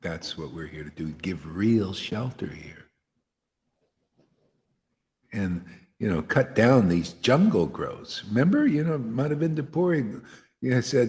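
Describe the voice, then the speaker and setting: A man's voice: fairly low pitch, big pitch swings, unhurried, pauses often, a little mellow. Fiery blunt male preacher in a reverberant hall. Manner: blunt, fiery, slangy, often says "man". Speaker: spiritual teacher leading satsang. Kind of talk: impassioned devotional sermon.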